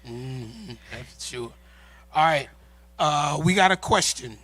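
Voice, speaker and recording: A middle-aged man with a husky yet bright, forward voice co-hosts a church marriage talk. He chats in a loose, joking way and often says his words twice. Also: a little high, slow, dry recording. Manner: relaxed, joking, repeats himself. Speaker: pastor co-hosting a marriage talk. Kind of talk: casual chat. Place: church sanctuary.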